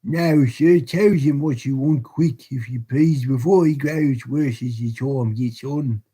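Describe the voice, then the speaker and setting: A man's voice: medium pitch, unhurried, dark tone, husky, voice pushed up. A man voicing a curt, practical male jailer in a storybook reading. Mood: urging.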